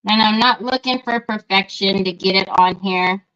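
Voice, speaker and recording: A middle-aged woman greets her livestream viewers by name and chats casually while crafting. Her mid-range voice is smooth and fairly bright, at normal speed, heard through dull lo-fi audio.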